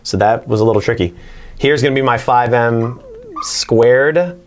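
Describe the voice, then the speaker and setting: Male math teacher, casual whiteboard lesson, mid-pitched, chatty, faint hiss behind. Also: measured pace. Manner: chatty, talks to his barking dog between problems.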